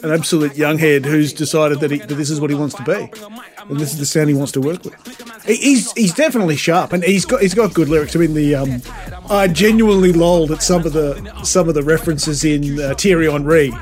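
A man's voice: a little high, fairly quick, soft background music. A man, co-hosting a podcast and reviewing an album in casual, rambling, sweary chat. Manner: rambling, sweary, frequent restarts. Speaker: podcast co-host.

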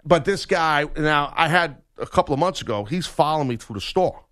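A man's voice: a little high, animated, a little fast, a bit bright. A middle-aged man hosting a radio show, telling a story with animation and acting out both sides of an argument.

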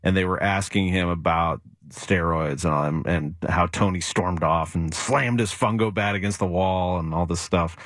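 Lower-pitched man telling sports stories. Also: moderate pace, hardly any pauses, no echo, clean studio sound. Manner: animated storyteller who acts out quotes. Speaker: sports reporter guest. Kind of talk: casual radio talk storytelling.

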